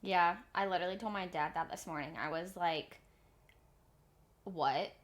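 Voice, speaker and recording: A woman's voice: fairly low pitch, moderate pace. Blunt, swearing woman in her twenties. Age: 20s. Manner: blunt, swearing, self-mocking. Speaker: podcast co-host. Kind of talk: casual chat. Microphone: remote call.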